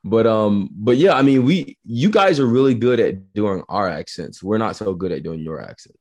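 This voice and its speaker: A man's voice: on the low side, lively intonation, normal speed, darkish tone. A man from Georgia with a Southern American accent, chatting casually as an interview guest, laughing easily and often restarting his sentences. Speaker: guest, actor.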